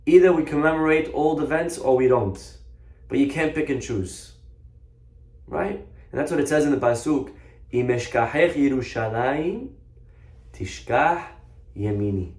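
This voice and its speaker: A man's voice: on the high side, moderate pace. Man telling a sermon story in an echoey room. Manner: animated storytelling with restarts. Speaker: Torah teacher.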